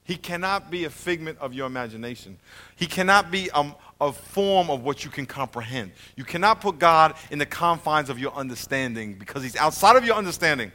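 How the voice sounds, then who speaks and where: A man teaching a Bible lesson in a lively sermon style, joking and swinging between loud and quiet. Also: brisk. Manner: animated, jokey, swings from loud to low.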